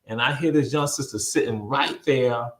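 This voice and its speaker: A man, a guest on a video-call interview, telling a story in a lively way, often repeating words and acting out what people said. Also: medium pitch, normal speed, echoey room, slight background noise. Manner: animated, repeats words, acts out quoted voices.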